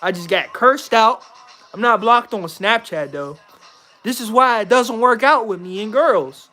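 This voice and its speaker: Talking directly to camera, a young man vents in a rambling, repetitive way, swearing and acting falsely sure of himself. His high voice is animated, pushed and bright, at a measured pace. Faint music plays behind him.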